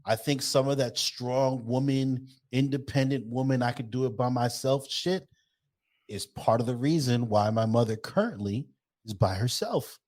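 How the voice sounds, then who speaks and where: A man's voice: mid-range voice, moderate pace. A man co-hosting a podcast in casual chat, talking bluntly and animatedly with lots of swearing. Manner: blunt, profane, opinionated, animated. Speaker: podcast co-host.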